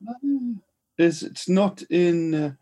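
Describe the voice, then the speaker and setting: A man's voice: fairly high pitch, steady tone, takes it slowly, mellow. A man co-hosting a podcast, chipping in short, agreeable replies during a casual chat. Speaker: podcast co-host.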